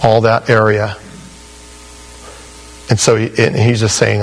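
A man's voice: fairly low pitch, completely flat delivery, takes it slowly, pauses often, rough recording. A male pastor preaching an expository sermon in a conversational, emphatic way, often saying "you know". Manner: conversational and emphatic, with frequent 'you know'.

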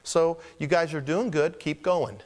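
Conversational preacher man, hushed to emphatic. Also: a little high, a little slow. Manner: conversational preaching, shifting from hushed near-whispers to emphatic exhortation. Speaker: pastor. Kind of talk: expository sermon.

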